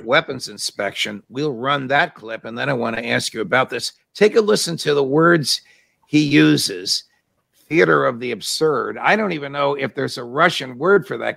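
Guy hosting an interview, super gravelly, punchy tone, wry, numbers his questions. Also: medium pitch, fairly bright tone, no echo. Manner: wry, lays out questions point by point. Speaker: talk show host.

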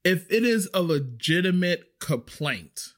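A man's voice: high-pitched, very animated, slow pace. A man, a restaurant server giving emphatic, chatty advice straight to the camera. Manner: emphatic, chatty, repeats points for stress. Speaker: restaurant server sharing industry tips. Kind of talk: casual advice monologue.

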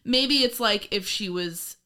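A woman co-hosting a casual podcast recap, animated and laughing, often swearing and acting out lines from the episode. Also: mid-range voice, unhurried. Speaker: podcast co-host.

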